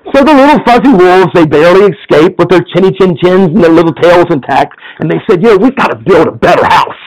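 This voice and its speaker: High-pitched preacher guy, laughs a lot while telling his sermon story. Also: low-quality recording. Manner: chuckling, animated storyteller. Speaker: campus minister.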